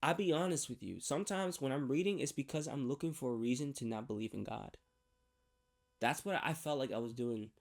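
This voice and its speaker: A man giving a candid personal faith testimony on his vlog, talking haltingly with many restarts and repeated words. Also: medium pitch, creaky. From New York. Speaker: faith vlogger.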